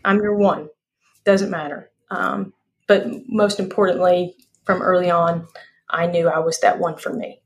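A woman's voice: fairly low pitch, level tone, measured pace. A woman, a guest speaker talking in a folksy, emphatic way and repeating phrases for effect. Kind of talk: casual interview chat.

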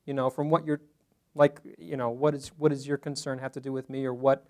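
A man's voice: mid-range voice, level tone, fairly quick, a little mellow. A man teaching a Bible study class to a small group in a room, talking conversationally and asking the group questions.

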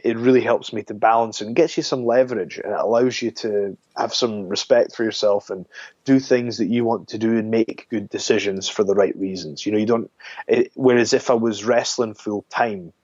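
A man's voice: on the low side, darkish tone, breathy edge, no echo, highs cut off. A man talking as a podcast guest in an earnest, rambling way, often stopping to correct himself. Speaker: guest, wrestler. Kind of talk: casual podcast interview.

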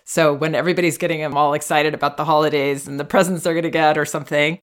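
A woman's voice: low-pitched, steady tone, quick pace. A woman hosting an interview, affirming her guest and sharing her own experiences. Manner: affirming, shares personal experiences. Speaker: host. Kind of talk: conversational interview.

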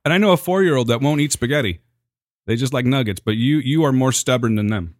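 A man's voice: medium pitch, fast talker, no echo, studio quality. A man hosting a podcast in casual banter, exasperated and laughing, rambling through his words. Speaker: podcast host.

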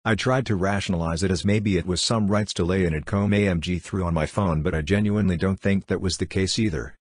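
A man with a very low voice reads spooky tales in a steady, measured way. The sound is dry and close, with no room around it. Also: no room sound. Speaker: narrator. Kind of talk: scripted narration of ghost stories.

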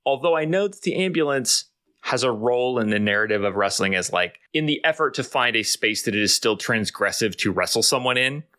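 A man co-hosting a podcast, explaining things in long, dry, deadpan rambles. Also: medium pitch, fairly quick, no room sound. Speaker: podcast co-host. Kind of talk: casual comedic chat.

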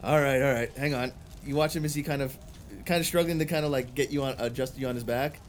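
A man's voice: mid-range voice, steady tone, quick pace, a little hiss or hum. A man narrating as game master of a tabletop game, casual, with many fillers.

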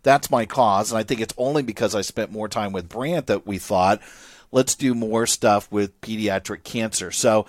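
A fairly low-voiced man co-hosts a podcast with animated, persuasive talk. He tends to repeat words as he builds his points. The recording is close and dry. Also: moderate pace, no room sound. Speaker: podcast co-host and speaker. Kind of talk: conversational podcast chat.

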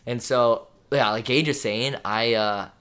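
A young man chatting on a podcast about his season. He rambles loosely, packing his talk with "dude" and "like." His voice sits at an ordinary pitch. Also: steady tone, measured pace, fairly bright tone, clear, resonant tone. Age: young adult. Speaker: podcast co-host, pro volleyball player. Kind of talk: casual chat.

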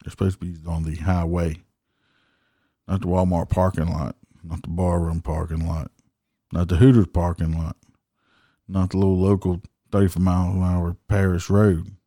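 A man's voice: low-pitched, flat delivery, normal speed, dark tone, dry recording, studio quality. A middle-aged man, a motorcycle cop telling stories bluntly and profanely in a folksy, casual way. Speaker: motorcycle police officer, podcast host. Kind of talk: casual storytelling.

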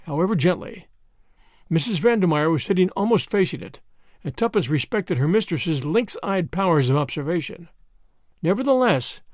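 Expressive, high-voiced male storyteller. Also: no echo, clean studio sound. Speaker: audiobook narrator. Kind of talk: scripted narration.

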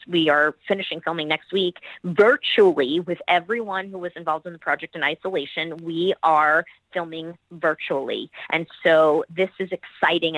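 A woman's voice: low-pitched, fairly bright tone, no room sound, low-quality recording. A middle-aged woman, an actress and producer, talking about her projects in a podcast interview in an enthusiastic, rambling way, full of praise for her colleagues.

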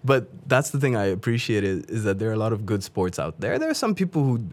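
A man's voice: on the low side, big pitch swings, fast talker, darkish tone. A man being interviewed as a guest comedian, chatting casually, often laughing as he tells stories.

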